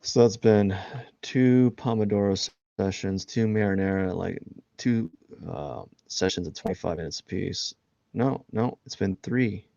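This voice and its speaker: A man's voice: lowish voice, unhurried, creaky, dark tone, no room sound, lo-fi sound. A man chatting casually and rambling with lots of fillers while he live-streams a drawing session. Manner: rambling, filler-heavy, self-mocking.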